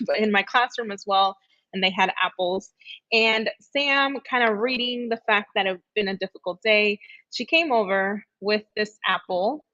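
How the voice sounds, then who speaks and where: A woman's voice: fairly high pitch, sharp tone, no echo, highs cut off. A woman who used to teach, hosting a casual storytelling segment on a live stream in an upbeat, chatty way that often breaks into laughter.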